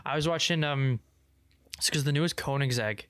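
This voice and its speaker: A young man co-hosting a casual podcast, rambling with lots of "like" and restarts while explaining things he's excited about. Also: medium pitch, normal speed, clear, resonant tone, no echo. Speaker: podcast co-host. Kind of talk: casual chat.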